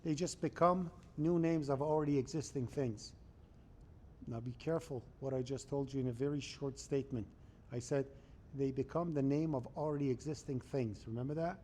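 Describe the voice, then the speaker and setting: A man's voice: medium pitch, moderate pace, a little mellow, a little hiss or hum. A man teaching a programming class in a conversational lecture style, often checking that students follow along. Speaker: programming instructor.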